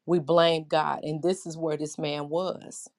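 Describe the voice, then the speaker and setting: A woman's voice: sits low, level tone, unhurried, darkish tone. A middle-aged woman preaching a Bible lesson in an impassioned, conversational way, often putting questions to her listeners.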